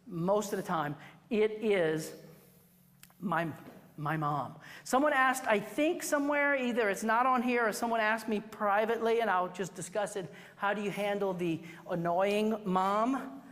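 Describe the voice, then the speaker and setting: A woman teaching a photography workshop to a live class, chatty and animated, acting out little quoted exchanges. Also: medium pitch, unhurried. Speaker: photography instructor. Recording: reverberant hall recording.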